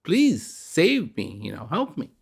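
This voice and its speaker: A man's voice: a little high, wildly swooping pitch, takes it slowly, creaky, slightly rough, pitched above the performer's own voice, heavily acted. Man putting on a desperate pleading woman. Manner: pleading, repetitive, then indignant. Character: desperate woman pleading with God, later furious.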